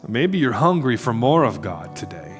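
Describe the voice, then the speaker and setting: A man's voice: medium pitch, very animated, normal speed. Male pastor at a church service, earnest and inviting, faint guitar playing behind. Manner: earnest, inviting, softening into hushed prayer. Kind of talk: sermon closing and prayer.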